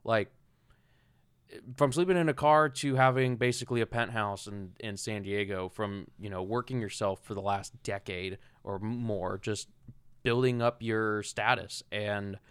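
A man who is a musician and stage manager, talking casually in a rambling, halting way with many restarts. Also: on the low side, fairly even intonation, clear, resonant tone. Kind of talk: casual chat.

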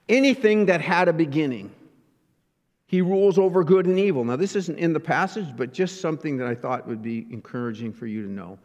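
Pastor guy giving a sermon, kinda high voice, lots of questions. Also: a little mellow, lo-fi sound. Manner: earnest teaching, rhetorical questions. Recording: reverberant hall.

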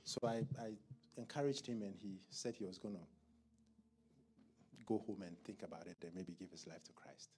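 A man preaching a sermon at a church service in a conversational style, asking the congregation questions and clearing his throat. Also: deep voice, moderate pace, long pauses, a little mellow. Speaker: pastor.

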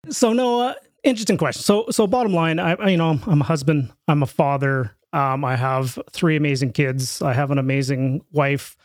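A talkative Canadian man in his fifties, recorded dry and close with no room sound. His voice sits a little high for a man. He chats casually as a podcast guest, joking, laughing and restarting his sentences. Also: brisk, few pauses, no echo. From Saskatchewan, Canada. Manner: chatty and jokey, with frequent restarts and laughs. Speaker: podcast guest, real estate investor. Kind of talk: casual interview chat.

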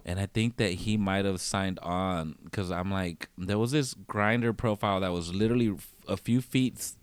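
Low, smooth-voiced man telling stories. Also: steady tone, moderate pace, no room sound. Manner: rambling, laughing, full of fillers. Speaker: podcast guest, go-go dancer. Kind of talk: casual storytelling.

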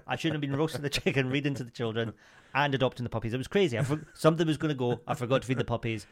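A man in his thirties co-hosting a comedy podcast. He talks in a deadpan way, stacks up absurd jokes, and keeps his voice at a middle pitch. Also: rapid-fire. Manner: deadpan, absurd joking, puts on impressions. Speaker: podcast co-host. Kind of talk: casual comedic banter.

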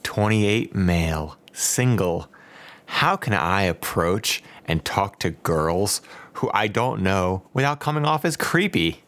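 Lively swearing woman podcast host. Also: rumbling low, takes it slowly. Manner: lively, swearing, laughing often. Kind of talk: casual podcast chat.

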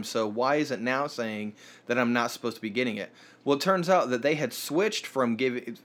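A man recounts a frustrating run-in in a relaxed, rambling way. His sentences trail off and restart, full of fillers, and his voice sits in a middling pitch. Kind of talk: casual chat.

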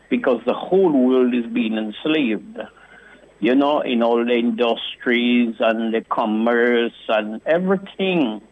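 A male caller, speaking passionately and repetitively to a radio host and often saying the host's name. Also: medium pitch. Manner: impassioned, repetitive, keeps addressing the host by name. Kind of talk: call-in radio rant. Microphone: telephone. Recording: phone-line caller audio.

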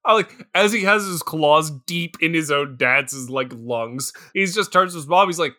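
A man's voice: a little high, moderate pace, bright, forceful tone. A man co-hosting a podcast, rambling in a casual, comedic way, laughing and acting out lines in silly voices. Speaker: podcast co-host.

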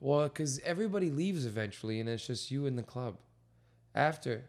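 A young man, a stand-up comic, telling a story in casual chat with lots of swearing, acting out the people in it with shouts. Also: medium pitch, a little fast. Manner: animated, swearing, acts out voices with shouts. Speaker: stand-up comic and podcast host.

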